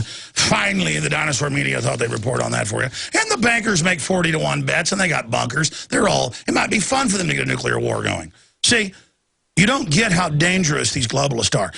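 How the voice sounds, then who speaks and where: A man hosting a talk show, delivering an impassioned political rant with sudden shouted bursts. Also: mid-range voice, creaky, breathy edge. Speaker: talk radio host. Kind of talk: ranting political monologue.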